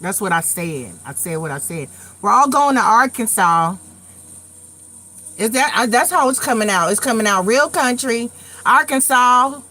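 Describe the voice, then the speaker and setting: A woman's voice: a little high, sing-song, a little fast, bright, forceful tone, faint music behind. A middle-aged woman from New York, hosting a live tarot stream in loose casual chat, telling stories bluntly with some swearing and repeating herself. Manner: chatty storyteller, blunt and profane, repeats herself.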